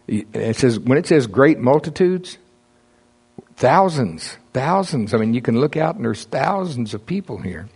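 A man's voice: mid-range voice, animated, a little slow, darkish tone, breathy edge. A man preaching a casual, conversational sermon, reading scripture and explaining it with frequent chuckles.

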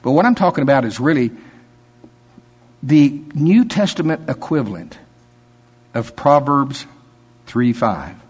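Folksy preacher man with a husky voice. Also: medium pitch, big pitch swings, unhurried, pauses often, darkish tone, long reverb tail. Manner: folksy storytelling with laughter and quoted voices. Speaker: pastor. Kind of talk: sermon.

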